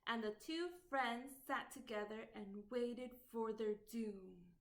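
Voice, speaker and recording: A woman librarian reading a picture book aloud at storytime in an expressive, sing-song way. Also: a little high, slow. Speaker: children's librarian.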